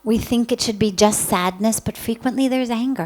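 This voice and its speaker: A woman spiritual teacher giving a calm, reflective spiritual talk, speaking gently with many pauses. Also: a little high, rough recording.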